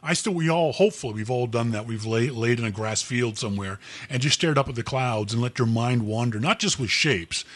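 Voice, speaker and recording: A man's voice: medium pitch, brisk, a bit bright, no echo. A Canadian man hosting a podcast, talking in a rambling, chatty way and correcting himself often. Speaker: podcast host. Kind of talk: casual podcast talk.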